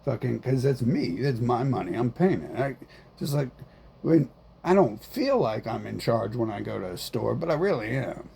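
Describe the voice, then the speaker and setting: A man's voice: medium pitch, big pitch swings, moderate pace, vocal fry, dark tone, slight background noise. A man in a casual vlog monologue, rambling and repeating himself, swearing often and defiant in tone. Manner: rambling, repetitive, profane, defiant. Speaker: vlogger.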